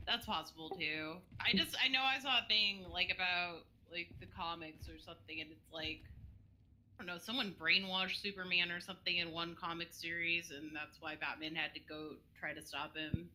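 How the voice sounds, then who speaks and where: Chatty woman, bright, lowish voice. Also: fairly even intonation, normal speed, poor audio. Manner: chatty, filler-heavy. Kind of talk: casual chat among friends.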